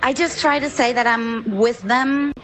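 A woman journalist from Venezuela, answering interview questions in a measured, composed way with occasional fillers. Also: on the high side, steady tone, a bit bright, rough recording.

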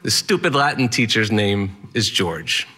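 A man's voice: on the low side, sing-song, measured pace, pushed and bright, slightly rough. A man telling a personal story in the first person, candid, plainspoken and wry.

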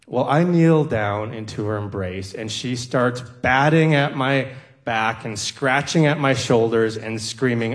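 A man from the American Midwest tells a personal story on stage at an unhurried pace. His voice sits at a middle pitch, and he sounds earnest and reflective, with flashes of dry humor.

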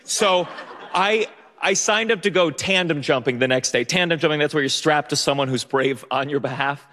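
Animated young man telling a story on stage. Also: on the high side, normal speed. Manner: animated, self-mocking, bursts into shouts. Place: theater stage. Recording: long hall reverb.

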